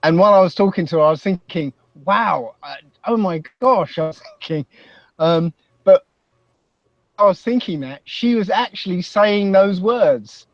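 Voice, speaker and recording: A man with a Basildon accent telling a story as a podcast guest, halting and self-deprecating. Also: sits high, no echo, dull audio. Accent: Basildon, Essex. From England. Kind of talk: casual chat.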